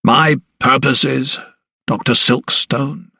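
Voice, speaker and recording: A man voicing a scornful, ruthless gentleman lawyer in an audiobook, speaking slowly and mockingly. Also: medium pitch, steady tone, vocal fry, breathy edge, no echo, studio quality, recorded from a distance, full character voice. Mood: sneering. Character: sneering, ruthless male lawyer, older gentleman.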